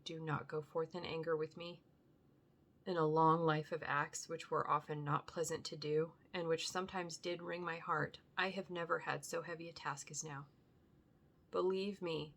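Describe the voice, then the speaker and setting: A woman's voice: low voice, a bit bright. A woman voicing a grave old doctor. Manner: grave, measured and solemn. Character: grave old foreign male doctor, stern yet tender. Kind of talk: audiobook reading.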